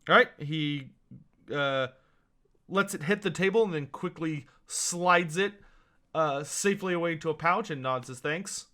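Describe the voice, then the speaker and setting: A man's voice: on the high side, unhurried, sharp tone. A man running a tabletop game as game master, narrating with lots of hesitation and fillers.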